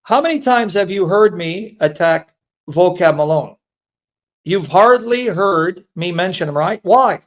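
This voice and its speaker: A man with a high-pitched voice gives a heartfelt testimony, his emotions showing as he speaks. He talks earnestly and keeps repeating his points. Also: lively intonation, measured pace. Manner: earnest, repetitive, pleading. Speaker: apologetics speaker.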